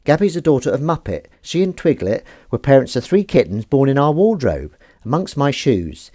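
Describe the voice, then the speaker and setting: The man speaks at normal speed in a dark-toned, mid-range voice with big swings in pitch. He's running a live stream, chatting in a jokey, rambling way and pretending to be outraged by the chat.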